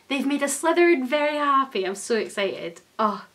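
A young woman, gushing and excitable as she chats through an unboxing for her vlog. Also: sits high, moderate pace, background noise. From Scotland. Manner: gushing, excitable, many exclamations. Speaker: vlogger. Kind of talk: casual unboxing chat.

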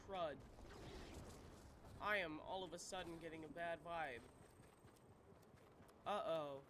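Man with a sore throat, gameplay commentary, jumpy and muttering, slightly high voice, loud game sounds behind. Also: noisy background. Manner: jumpy, talks to himself, swings from mutters to yelps. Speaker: gaming streamer.

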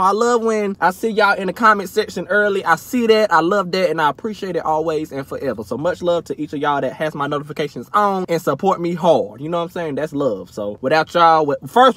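High, lively man ranting. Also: no echo. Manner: animated, loud ranting, exaggerated outrage, talks while eating. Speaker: comedy vlogger. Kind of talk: comedic mukbang rant.

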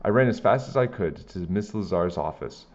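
Man, reading a children's book aloud, low voice, lively intonation, steady storytelling, muffled lo-fi sound. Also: normal speed.

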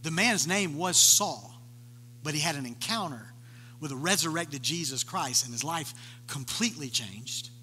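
Pastor guy preaching, high bright voice, acts out the story, echoey hall with a faint hum. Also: normal speed. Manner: animated storytelling, acting out voices of the people in the story. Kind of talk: sermon.

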